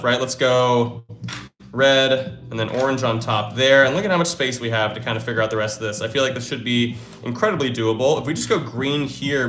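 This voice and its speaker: A man's voice: medium pitch, a bit bright. A young man hosting a casual live stream, thinking aloud while he solves puzzles and hyping himself up when they click. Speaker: livestream host. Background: faint lo-fi music.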